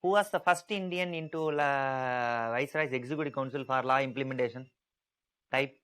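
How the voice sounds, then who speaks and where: A man's voice: mid-range voice, moderate pace, fairly bright tone, poor audio. Man teaching an emphatic, repetitive lecture. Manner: repetitive, emphatic, asks students to type answers. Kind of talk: online exam-prep lecture.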